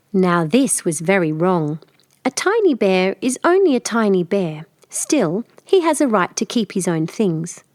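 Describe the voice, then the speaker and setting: Female storyteller, clear measured fairy-tale reading, dry close sound. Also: mid-range voice, darkish tone, no room sound. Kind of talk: storybook narration for learners.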